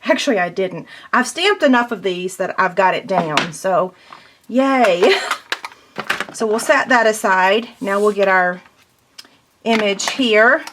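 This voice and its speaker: Lady walking you through a paper craft, chatty, mid pitch, bit of hiss behind. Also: animated, measured pace. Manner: chatty, step-by-step, self-deprecating. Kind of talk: casual craft tutorial.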